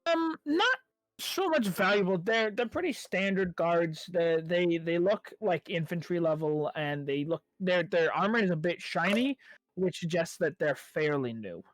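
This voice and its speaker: A man's voice: high voice, lively intonation, unhurried, no room sound. A man narrating a tabletop game as game master, hesitant and full of fillers while he voices guards and townsfolk. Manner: hesitant, with many fillers and restarts.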